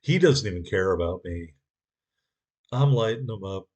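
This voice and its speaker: A man's voice: low voice, animated, normal speed, darkish tone. A man giving a sarcastic, wry voice-over commentary on his own gameplay.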